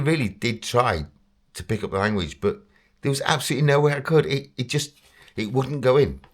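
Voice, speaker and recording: An English man telling a casual, rambling story about himself, chatty and self-deprecating, often breaking into laughter. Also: low voice. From England. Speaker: vlogger.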